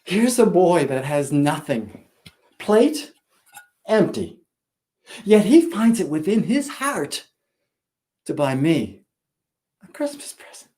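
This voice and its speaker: Man, school principal, storytelling speech; somewhat high, very animated pitch, dramatic pauses.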